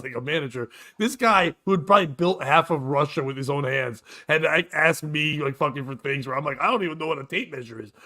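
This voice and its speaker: A man hosting a morning talk show, telling a profane, animated story in a casual chat. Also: fairly high pitch. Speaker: show host and comedian.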